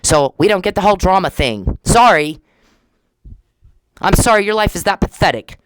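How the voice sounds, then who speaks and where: A woman's voice: medium pitch, expressive, normal speed, clear, resonant tone, no echo, low-quality recording. Woman ranting in an accusing monologue. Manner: accusing, repetitive, confrontational. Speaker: podcaster. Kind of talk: angry monologue aimed at an absent person.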